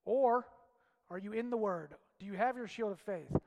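Impassioned high-voiced male preacher. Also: lively intonation, moderate pace, creaky, in a large hall, slight background noise. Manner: impassioned, swings from loud shouts to hushed low lines. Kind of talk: sermon.

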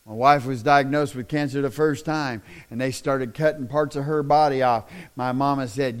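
A middle-aged man preaching a sermon in a folksy, plain-spoken way that swells into loud, impassioned shouting. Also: medium pitch, fairly even intonation, normal speed, few pauses. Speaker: pastor.

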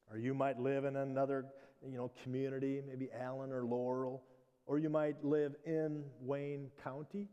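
A man's voice: mid-range voice, mellow, smooth, big-room sound, lo-fi sound. A man from the American Midwest preaching a sermon to his church, talking conversationally with frequent restarts and asides. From Midwestern United States. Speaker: pastor.

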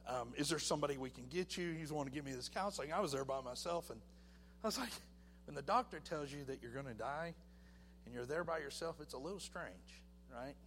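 Man giving an animated church testimony. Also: on the high side, a little fast, big-room sound, slight background noise. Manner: animated storytelling, acting out voices. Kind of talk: personal testimony.

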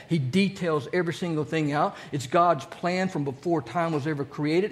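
A male pastor preaching a sermon in a folksy, conversational way, asking the congregation questions. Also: on the high side.

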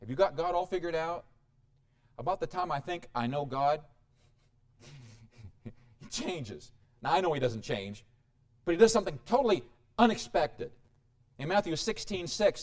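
A man preaching a sermon, dramatic, with sudden rises and quiet drops. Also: a little high, big pitch swings, normal speed, long pauses.

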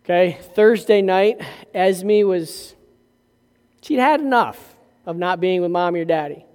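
An older man preaching a sermon as pastor, slow and emphatic, mixing scripture with family stories. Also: high voice, animated, a little mellow, clean tone, big-room sound.

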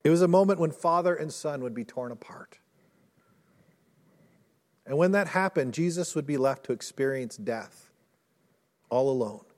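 A male pastor preaching a sermon in earnest, rising to intense storytelling and dropping low and soft. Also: lively intonation, moderate pace, long pauses. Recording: long hall reverb.

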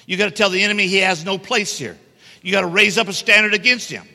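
A middle-aged guest preacher delivers a sermon in a church sanctuary, speaking emphatically and joking with the congregation, with echoey hall reverb on the recording. His voice sits high and is fast, gravelly, and sharp in tone.

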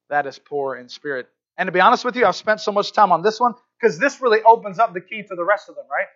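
Guy preaching in church, higher voice, earnest chatty sermon, kinda muffled audio. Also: fast, few pauses, fairly bright tone. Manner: earnest, conversational, frequent "right?" asides. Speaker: pastor.

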